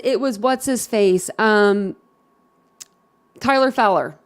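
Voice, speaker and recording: A woman's voice: mid-range voice, takes it slowly, clean tone. A woman from Philadelphia chatting casually on a live stream, rambling and outspoken with her viewers. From Philadelphia, USA.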